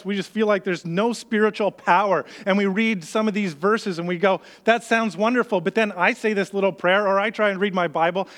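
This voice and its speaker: An earnest man preaching a sermon in a high, light voice. He talks to the congregation conversationally and slips into the worried inner voices of his listeners. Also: fairly bright tone. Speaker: pastor.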